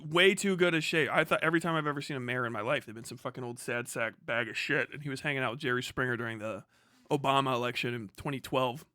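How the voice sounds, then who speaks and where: A man's voice: medium pitch, fast talker, bright, forceful tone, dry recording, clean studio sound. A young man live-streaming, swearing heavily in a heated, mocking rant. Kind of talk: profane ranting commentary on a live stream.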